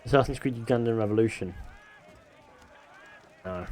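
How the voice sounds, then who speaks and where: A man's voice: on the low side, moderate pace, vocal fry, pauses often, a little mellow, faint music behind. A man from northwest England with a Manchester accent, live-streaming a game, reading chat aloud and joking in a rambling way.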